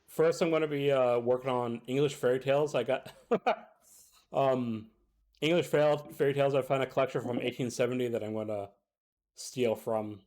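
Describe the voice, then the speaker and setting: Relaxed, hesitant man in casual chat. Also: mid-range voice, moderate pace.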